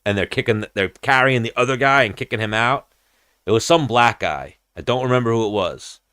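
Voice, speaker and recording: A man's voice: mid-range voice, lively intonation, brisk, bright, forceful tone, clear, resonant tone, no room sound, studio quality. A young man hosting a podcast, telling a long, profane story in casual chat and acting out the people in it. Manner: rambling, profane, acts out quoted voices. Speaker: podcast host.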